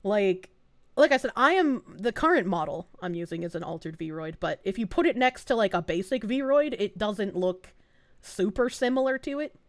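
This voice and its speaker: A young woman from Boston with a Boston accent, chatting casually on a live stream, animated, swearing and laughing often as she reads chat. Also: mid-range voice, moderate pace, no echo, clean studio sound. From Boston, USA. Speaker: VTuber streamer.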